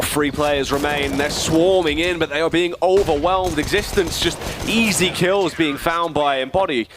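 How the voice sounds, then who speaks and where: Male esports commentator, mid-pitched, dramatic build-ups, headset mic, faint game sounds underneath. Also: a bit bright, a little hiss or hum. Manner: dramatic, rising with the action. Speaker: esports caster. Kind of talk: play-by-play commentary.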